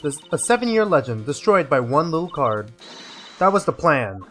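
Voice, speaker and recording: A man voicing a smug, scheming female card-sharp dealer in a video game, with slow, drawn-out tough talk. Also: fairly high pitch, sing-song, faint music behind.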